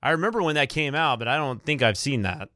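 A man's voice: medium pitch, animated, fast, sharp tone, no room sound, studio quality. A man co-hosting a podcast in casual chat, laid-back and joking. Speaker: podcast co-host.

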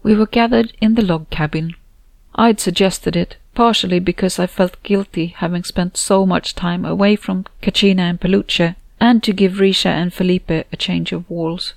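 A woman narrating her own novel in the first person, in a soft, low-key way, recorded on a close mic. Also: steady tone, normal speed, gravelly, no echo, low-quality recording. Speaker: audiobook narrator and author.

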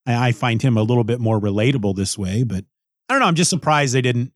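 A man's voice: mid-range voice, fast talker, no echo, studio quality. A man reviewing a comic book in a casual, rambling way, often restarting and musing aloud.

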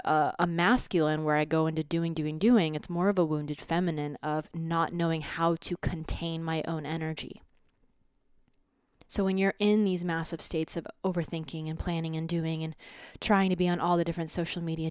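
A young adult woman hosting a solo podcast, talking slowly and steadily, at times sinking into soft half-whispers. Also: fairly low pitch, clear, resonant tone, no room sound, clean studio sound. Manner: slow, grounded, drifting into soft half-whispers. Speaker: podcast host. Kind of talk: reflective solo podcast talk.

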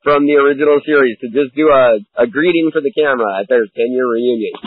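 A man's voice: mid-range voice, quick pace, dry recording. A man co-hosting a podcast, chatting enthusiastically about an old TV show. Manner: enthusiastic, animated storytelling. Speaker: podcast co-host. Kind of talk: casual chat. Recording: tinny phone-like line.

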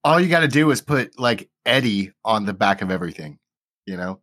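A man in his forties playing a tabletop game, measured and a little halting. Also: on the low side, expressive, a bit bright, dry recording. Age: 40s. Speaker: player.

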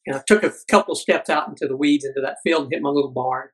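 A middle-aged man, a podcast guest, telling a personal story earnestly, halting with many fillers. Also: fairly high pitch, a bit bright, slightly rough, rough recording.

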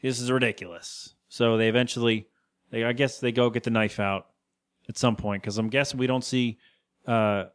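A man's voice: mid-range voice, level tone, smooth. Male podcast co-host, loose chatty recap, mid-range voice. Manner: rambling, acts out character lines in quick voices. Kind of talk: casual episode recap.

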